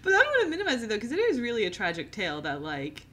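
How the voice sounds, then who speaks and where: A young woman co-hosting a podcast talks at a racing pace in a fairly high voice. She's giggly, animated and chatty, laughing often in casual conversation.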